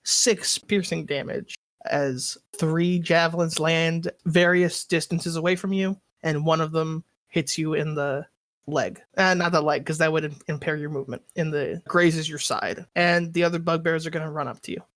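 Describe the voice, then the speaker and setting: A game master running a tabletop game, narrating in a relaxed, halting way with lots of fillers. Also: medium pitch.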